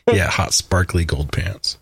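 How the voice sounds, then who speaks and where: A man's voice: low-pitched, vocal fry, a bit bright, slightly rough, no echo, clean studio sound. A man co-hosting a casual podcast, laid-back and wisecracking. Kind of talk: casual chat.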